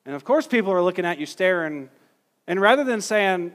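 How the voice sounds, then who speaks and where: A man's voice: high-pitched, expressive, fairly quick. Earnest male preacher in a reverberant hall. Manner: earnest, acts out quoted dialogue in an illustration. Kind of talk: teaching sermon.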